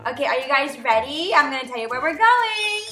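A woman playing a family roleplay game, talking in an animated, excitable, bossy mom tone. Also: high-pitched, quick pace, reverberant, music in the background. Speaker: roleplay player voicing the mom figure. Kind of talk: playful game roleplay narration.

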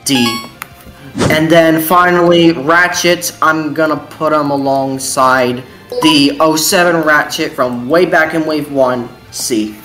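A man chatting casually as a guest on a call, with quick offhand remarks. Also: on the high side, fairly even intonation, pushed and bright, faint music behind, poor audio. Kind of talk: casual chat over a call.

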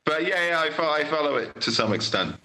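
A young man from Britain, a guest writer in a casual podcast conversation, speaking in a thoughtful, measured way with many pauses and fillers. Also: fairly high pitch, expressive, pushed and bright, a little hiss or hum, low-quality recording.

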